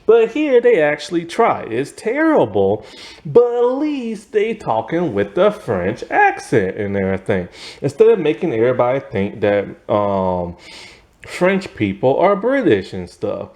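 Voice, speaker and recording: A man giving a casual spoken video review of a TV series, rambling, filling pauses with fillers and laughing often. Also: a little high, huge pitch swings, a little mellow.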